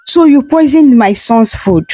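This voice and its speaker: A woman's voice: lively intonation, measured pace, dark tone, dry recording, soft background music. A woman voicing a grieving, furious middle-aged queen mother who wails and accuses. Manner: accusing, shrill, wailing.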